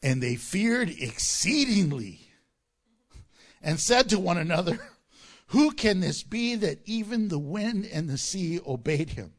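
A man's voice: high-pitched, big pitch swings, a little slow. A man preaching a sermon, reading scripture and breaking into joking asides and acted-out quotes. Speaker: pastor.

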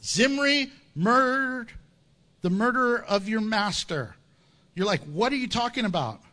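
A man delivers a sermon in a high, bright voice. His pitch leaps and drops constantly as he tells the story with humor and acted-out asides. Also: animated, a little slow. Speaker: pastor.

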